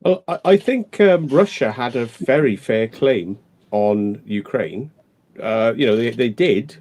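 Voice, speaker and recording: A man's voice: medium pitch, mellow. A man and urban explorer ranting and swearing in a casual live-stream chat.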